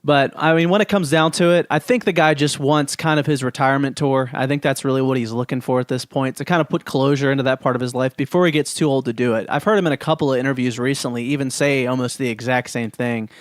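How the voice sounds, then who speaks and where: A man co-hosting a podcast, talking in an easy, matter-of-fact way and moving the chat from one topic to the next. His voice sits at an ordinary middle pitch. The sound is dry and close, with no room around it. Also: steady tone, quick pace, hardly any pauses, dry recording. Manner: steers the topics, laid-back and matter-of-fact. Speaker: podcast co-host.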